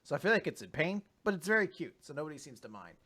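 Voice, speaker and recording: A man with a bright, fairly high voice that swings widely in pitch, co-hosting a casual recap chat. He is animated, laughs often and jumps into exaggerated character voices. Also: fast. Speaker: podcast co-host.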